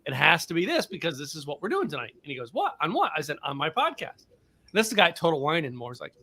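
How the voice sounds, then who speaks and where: A man co-hosting a podcast, telling animated stories with stumbles and restarts. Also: a little high, quick pace. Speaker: podcast co-host. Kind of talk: casual chat with storytelling.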